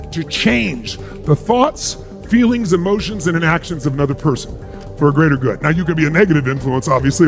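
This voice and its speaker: A middle-aged man giving a motivational speech to a live audience, emphatic and full of rhetorical questions. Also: high voice. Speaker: motivational speaker.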